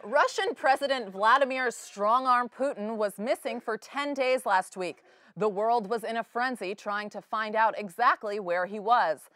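A young woman anchors a comedic spoof newscast in a playful, sarcastic voice. She sits on the higher side of the pitch range, and the studio sound is close and dry. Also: a little slow, a bit bright, dry recording, some chatter behind. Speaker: student news anchor.

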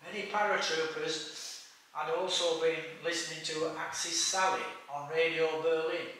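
A man with a pushed, bright voice on the high side gives a history lecture, reading steadily from notes with small stumbles. He's recorded from a distance in an echoey room, with slight background noise.

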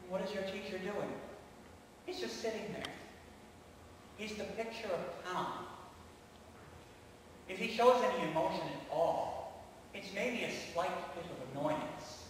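A man preaching a storytelling sermon, dramatic, swinging from loud to hushed. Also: high-pitched, measured pace, long pauses, a little hiss or hum. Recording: echoey church hall, mic far off.

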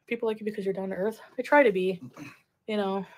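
A woman's voice: medium pitch, a little hiss or hum. A woman streaming live, chatting casually with viewers, reading comments and laughing often. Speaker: livestreamer. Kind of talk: casual livestream chat.

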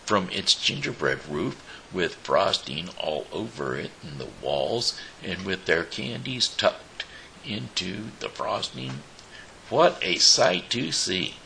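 A man reads a fairy tale aloud in a very deep, gravelly voice. He takes his time, stumbling and restarting now and then, and his tone has a bright, tight edge to it. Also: very animated, a little hiss or hum, rough recording. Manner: slow, with small slips and restarts. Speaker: show host reading a story. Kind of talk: storybook reading.

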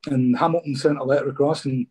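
Scottish man, dark husky voice, chatty storyteller. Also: medium pitch, steady tone, quick pace. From Scotland. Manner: chatty, says "mate" a lot. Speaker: guest, former footballer. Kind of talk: casual storytelling interview.

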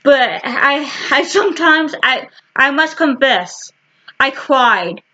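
A woman casually showing her book collection to the camera, talking in short halting fragments with frequent restarts. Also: high-pitched, lively intonation, bright, forceful tone, highs cut off. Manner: slow and rambling. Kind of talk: casual chat.

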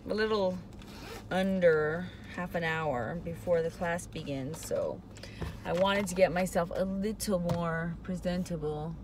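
A woman with a lowish voice talks to her camera from a parked car, faint traffic noise outside. She sounds emotional and close to tears, and her sentences wander and trail off. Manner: hesitant and rambling, many trailing-off phrases. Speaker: vlogger. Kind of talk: casual confessional vlog. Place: parked car in a parking lot.

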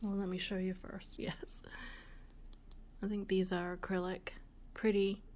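A woman hosting a vintage jewelry video, musing aloud in a soft, relaxed voice and sometimes dropping to a whisper. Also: mid-range voice, slight background noise. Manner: slow, soft-spoken, musing aloud, often drops to a whisper. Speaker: vintage jewelry channel host. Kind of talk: casual show-and-tell of jewelry.

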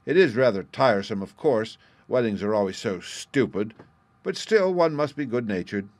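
A man's voice: fairly low pitch, animated, moderate pace, a little mellow. A man doing a snobbish, timid wolf. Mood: bored. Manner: bored, condescending. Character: snobbish, easily frightened male wolf.

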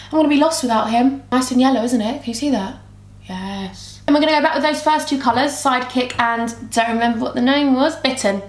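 A woman, chatting and rambling through a makeup tutorial as she talks to her camera. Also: on the high side. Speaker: beauty vlogger. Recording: roomy echo.

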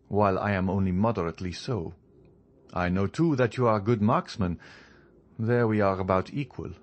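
In an audiobook character reading, a man with a fairly low-pitched voice portrays a young male journalist who is calm and faintly mocking. He speaks in a composed, measured way.

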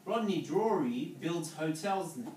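A man's voice: on the high side, lively intonation, measured pace, a little mellow, slight background noise. A man giving a motivational business talk to an audience, coaching and checking in with short questions. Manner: coaching, checks in with "okay?" and "yeah?". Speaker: network marketing speaker. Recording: echoey room, voice from far off.

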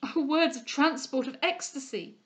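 A woman reading aloud, voicing a passionate, remorseful young gentleman lover in a slow, declamatory way. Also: high-pitched, pitched above the performer's own voice, close to an everyday voice. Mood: impassioned.

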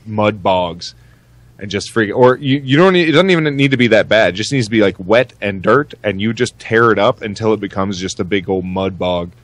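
Guy on a podcast rambling, swears a ton, low voice, dry close mic. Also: brisk, no room sound. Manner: rambling, heavy swearing, many restarts. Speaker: podcast co-host. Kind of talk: casual chat.

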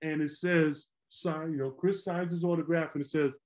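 A middle-aged man, a former pro basketball player, telling animated, rambling stories on a podcast. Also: on the high side, normal speed. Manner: animated, rambling, repeats words. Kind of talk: casual storytelling chat.

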